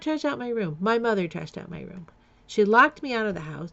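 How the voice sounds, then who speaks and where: A woman's voice: medium pitch, sing-song, a little fast, creaky, lo-fi sound. A middle-aged woman telling a personal story on her vlog, candid and blunt, often laughing between lines. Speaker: vlogger.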